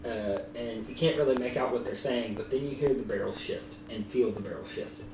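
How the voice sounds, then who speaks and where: A man narrating as dungeon master with a relaxed, hesitant delivery full of ums. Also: mid-range voice, fairly quick. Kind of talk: narrating a tabletop game. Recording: echoey room, distant mic, noisy.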